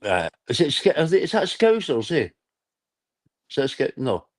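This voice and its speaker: A man's voice: mid-range voice, huge pitch swings, moderate pace. Male livestream host, middle-aged, loose and sweary, mid-range voice. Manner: rambling, sweary, laughs often. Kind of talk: casual livestream chat.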